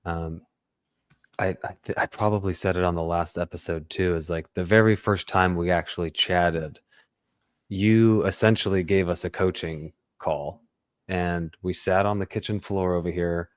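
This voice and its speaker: A man's voice: deep voice, fairly even intonation, moderate pace, no echo, studio quality. A man hosting a podcast, chatting casually with a guest and affirming him, with frequent fillers. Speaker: podcast host. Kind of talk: casual interview chat.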